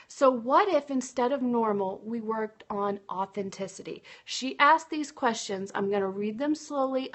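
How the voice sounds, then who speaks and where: A woman's voice: fairly high pitch, fairly bright tone. A woman business coach giving a chatty, upbeat motivational talk on a livestream and talking straight to her viewers. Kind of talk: live-streamed motivational talk.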